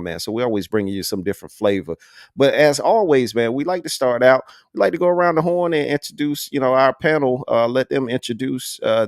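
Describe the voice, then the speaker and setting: A relaxed man hosts a live online music panel, talking in an easy, slangy way with lots of "man" thrown in. His voice sits in a middling pitch. The sound is dry and close over a video call. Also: no echo. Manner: laid-back, slangy, says "man" often. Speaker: host. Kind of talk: casual live panel hosting.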